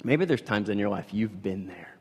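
A man preaching a sermon, swinging from loud emphatic bursts to hushed, low passages. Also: expressive, moderate pace, breathy edge. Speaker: pastor. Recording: reverberant hall.

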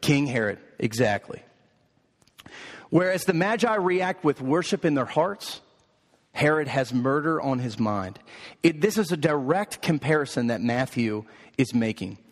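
Emphatic pastor preaching in an echoing hall. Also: male voice, mid-range voice, expressive, a little slow. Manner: rhythmic, emphatic preaching with repetition. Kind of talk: sermon. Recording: echoey hall.

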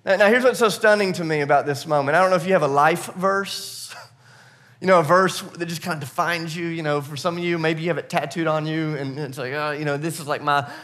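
A pastor with a slightly high voice, speaking a little fast, tells a personal story in his sermon before turning to scripture. He's conversational and self-deprecating, retelling it animatedly and with laughs.

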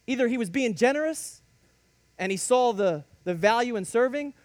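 A very high-pitched, animated man tells his faith testimony at a moderate pace, storytelling with a preacher's emphasis. Short, punchy sentences swell into bursts on a dry recording.

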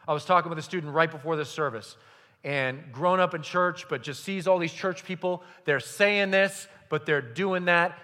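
A young man preaching a sermon as pastor, passionate, swinging between hushed and loud. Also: a little high. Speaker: youth pastor. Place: church service hall. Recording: echoey hall.

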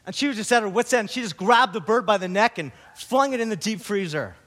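A man pastor giving a sermon, opening with a story and then preaching slowly and earnestly. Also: high voice, expressive, a bit bright.

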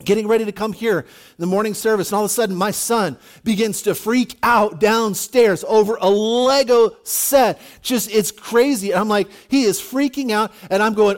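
High-voiced man preaching a casual sermon. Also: moderate pace. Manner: casual, repeats words and restarts, says "you know" often. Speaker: pastor. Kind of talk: conversational sermon.

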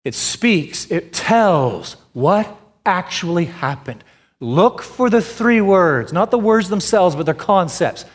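Emphatic preacher in a reverberant church. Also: male voice, high-pitched, animated, takes it slowly, slightly rough. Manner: emphatic preaching, repeats phrases, asks and answers questions; swings between loud stress and quiet drops. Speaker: pastor. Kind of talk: sermon. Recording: long hall reverb.

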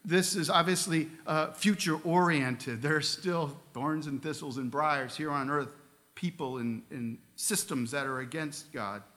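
A man's voice: a little high, fairly bright tone. A man preaching a sermon as a pastor, earnest, with casual asides and light humor.

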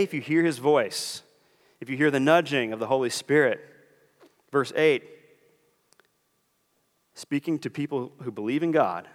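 Pastor, male, earnest sermon delivery with animated swings in pitch, recorded in a church with lingering reverb. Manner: earnest preaching, acts out quoted voices.

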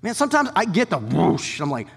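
Pastor preaching in a reverberant hall. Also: male voice, high voice, creaky, background noise. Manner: dynamic preaching, dropping to hushed whispers for emphasis; animated storytelling with quick asides. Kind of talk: sermon.

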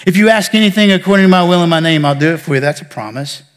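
A man pastor preaching a sermon, building emphasis and then falling to soft near-whispers. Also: high voice, very fast, big-room sound. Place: church sanctuary.

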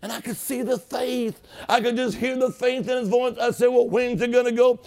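A man's voice: very high-pitched, fairly even intonation, normal speed, gravelly, darkish tone. A man preaching a sermon, telling a story with emphasis and calling on the congregation to respond.

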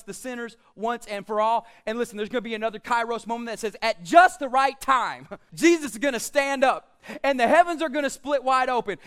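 High-voiced pastor preaching with bursts of emphasis. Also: male voice, a bit bright, clean tone. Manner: preaching with rising emphasis, quoting scripture, playful asides. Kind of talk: sermon.

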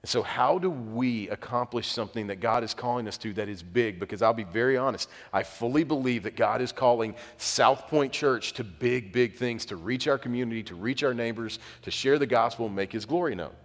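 A man's voice: medium pitch, a little fast, few pauses. A man preaching a sermon as pastor, telling conversational, self-deprecating stories. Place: church sanctuary. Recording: long reverb of a church hall.

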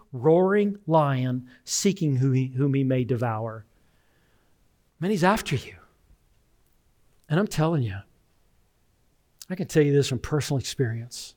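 A man preaching a sermon, talking conversationally and telling personal stories, swinging from loud emphasis to hushed tones. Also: on the high side. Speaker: pastor.

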